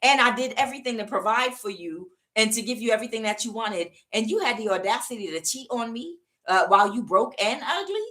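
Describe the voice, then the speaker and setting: A woman's voice: on the high side, animated, brisk, few pauses, fairly bright tone. A woman voicing an indignant, betrayed husband who rants mockingly at his unfaithful wife. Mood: outraged. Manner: ranting, mocking, exaggerated indignation.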